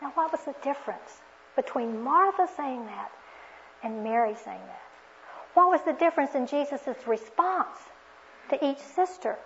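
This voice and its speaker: A woman with a high voice preaches a sermon, earnest and reflective, often posing questions to her listeners. The recording is dull and lo-fi. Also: lively intonation, measured pace, a bit bright, a little hiss or hum.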